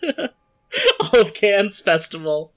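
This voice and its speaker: A game master narrating an improvised comedy tabletop scene, laughing often between quick asides. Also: medium pitch, huge pitch swings.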